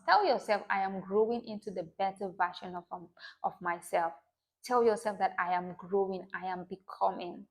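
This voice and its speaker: A woman hosting a self-help video, speaking to viewers in an encouraging, motivational way and reciting affirmations slowly. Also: mid-range voice. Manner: warm, encouraging, slow affirmations. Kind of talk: motivational talk to camera.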